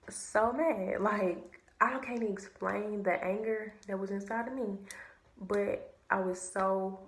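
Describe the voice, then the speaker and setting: Young woman vlogger, casual storytime, animated and slangy, mid-range voice, roomy echo. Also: medium pitch. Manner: animated, slangy, swears freely. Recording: echoey room.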